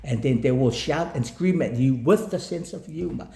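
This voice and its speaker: A man telling a lively motivational story about not giving up, switching between English and another language and acting out what others said. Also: medium pitch, moderate pace, creaky, echoey room. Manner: animated, switches between English and Samoan, acts out quotes.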